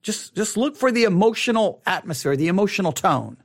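A man leads a Bible study lesson in a casual teaching voice. He speaks high for a man, and his pitch swings widely as he acts out a reader's surprised reactions. He often restarts and repeats his phrases. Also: very animated, brisk, husky.

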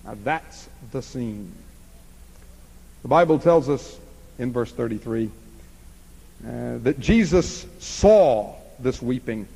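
A man preaching an expository sermon, swinging from emphatic passages to hushed ones. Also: mid-range voice, lively intonation, slow pace, vocal fry, long pauses, big-room sound, rough recording.

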